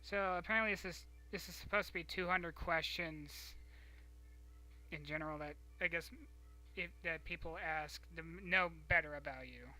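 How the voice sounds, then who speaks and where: A young man hosting a casual stream, telling a rambling story with many restarts and halting pauses. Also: on the high side, bright, forceful tone, rough recording. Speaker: stream host. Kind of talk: casual chat.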